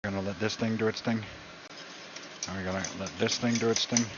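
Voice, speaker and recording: A man's voice: lowish voice, steady tone, a little fast. A man cooking on a casual stream, rambling and joking and repeating himself as he works. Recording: dull lo-fi sound with background noise.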